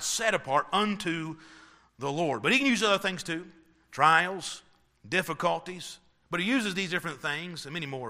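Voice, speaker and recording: A man preaches a sermon in a very bright, tense voice pitched a little high. He drives his points with emphatic rhetorical questions, then drops to quiet asides. His voice rings out with a long hall reverb behind it. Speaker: pastor.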